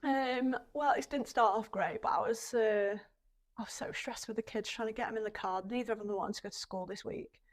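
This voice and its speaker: A woman's voice: fairly high pitch, a little fast. A young woman hosting a podcast, telling parenting stories in a chatty way and laughing often. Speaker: podcast host. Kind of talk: casual chat.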